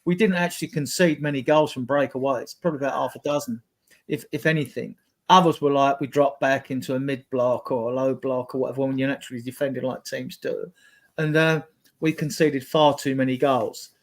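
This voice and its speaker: A man giving blunt, animated opinions as a fan pundit in a casual football chat, piling up one example after another. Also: mid-range voice, a little fast.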